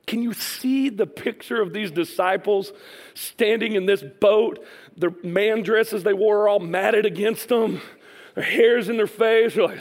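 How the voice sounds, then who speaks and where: A man preaching a sermon, telling a story with animated energy, acting out voices and laughing often. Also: sits high, moderate pace.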